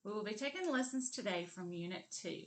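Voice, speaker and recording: A woman with a Southern US accent teaching a kindergarten reading lesson, repeating words slowly and clearly for young children. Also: mid-range voice, lively intonation. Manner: slow, sing-song, repeats words for children.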